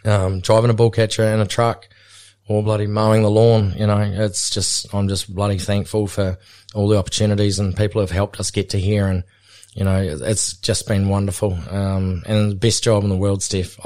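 A man's voice: on the low side, little pitch movement, fairly quick, a little mellow. A middle-aged man with a New Zealand accent, a bull catcher and pilot, talking in a laid-back, rambling way full of fillers in a podcast interview.

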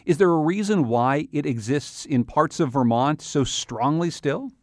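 A man's voice: a little high, lively intonation, unhurried, a little mellow, no echo, clean studio sound. A man hosting a conversational radio interview, curious and asking follow-up questions. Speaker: radio host.

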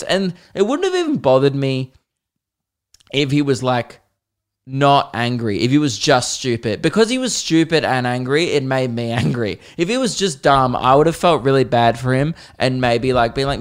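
A man's voice: medium pitch, moderate pace. Ranting Australian man, comic podcast host. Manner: animated, exasperated ranting with swearing. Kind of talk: solo comedic rant.

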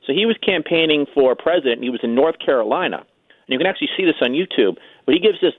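Fast-talking man on a phone line. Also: fairly high pitch, animated, no echo. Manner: quick, chatty, many fillers. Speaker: political commentator guest. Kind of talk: radio call-in interview. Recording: tinny dry phone line.

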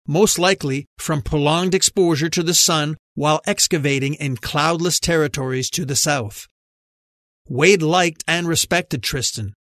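A male audiobook narrator with a fairly high voice, reading in a measured, even way. The sound is close and dry, with no room in it. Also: dry recording. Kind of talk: scripted narration.

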